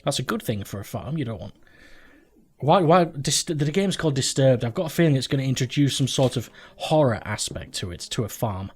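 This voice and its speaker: A man's voice: mid-range voice, lively intonation, fairly quick, slightly rough. A man hosting a let's play from home, rambling through game commentary, joking and swearing casually as he goes.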